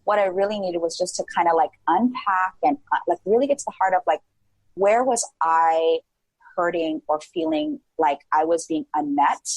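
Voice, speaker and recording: A woman in her forties, a podcast guest, talking in a casual and animated way with lots of "like" fillers, often acting out her own past thoughts. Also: lowish voice, normal speed, husky, dry recording, poor audio. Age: 40s. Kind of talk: casual interview chat.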